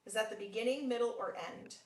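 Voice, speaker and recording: Woman, phonics tutor, encouraging and deliberate; reverberant, distant recording. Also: a little high. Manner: patient, encouraging, with frequent praise; slow, deliberate sounding out of words. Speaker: phonics teacher. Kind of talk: one-on-one phonics lesson. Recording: roomy sound from off mic.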